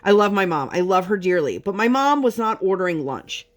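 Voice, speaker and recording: A woman's voice: mid-range voice, sing-song, fairly quick. A woman vlogger telling a long frustrated story in a chatty, casual way while she works on a craft. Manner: chatty, exasperated storytelling with many fillers.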